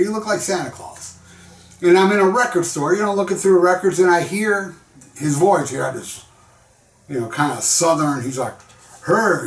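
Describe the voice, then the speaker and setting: A man's voice: on the high side, reverberant, far from the mic. A man giving a casual, rambling album review in a laid-back storytelling manner, full of slang. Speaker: music vlogger.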